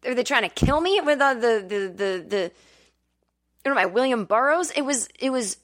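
A woman's voice: lively intonation, moderate pace, a bit bright. A woman hosting a comedy podcast, telling a candid personal story at home and swearing freely. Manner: candid, chatty, swears freely, acts out quotes in a high whiny voice. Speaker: podcast host. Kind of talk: casual storytelling monologue. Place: temporary home in Brooklyn.

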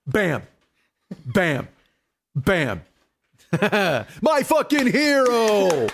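A man's voice: sits high, big pitch swings, very slow, creaky, pauses often. A young man telling a comic story as a podcast co-host, ranting in an exasperated, profane way and acting out quoted dialogue.

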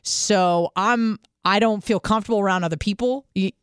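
Young woman, mid-pitch, lively storyteller, dry close mic, salty language. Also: normal speed, clear, resonant tone, no room sound. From California. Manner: animated, swearing, acts out voices in the story. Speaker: podcast guest. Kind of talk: casual storytelling.

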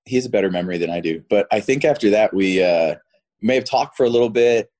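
A man's voice: on the low side, a little mellow. A man in his thirties, a guest chatting casually in an interview, laughing often and restarting his sentences. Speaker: actor guest.

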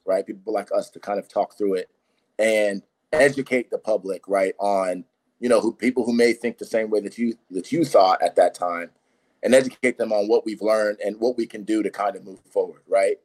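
A man co-hosting a podcast, asking an earnest, measured question and often tagging "right?". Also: fairly low pitch, steady tone, a little mellow. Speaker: podcast co-host. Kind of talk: interview questions.

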